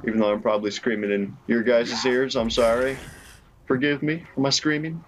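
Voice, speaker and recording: A young man giving casual gameplay commentary, reacting excitably with laughs and rambling remarks. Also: medium pitch, brisk, slight background noise. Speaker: gaming YouTuber. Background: game music.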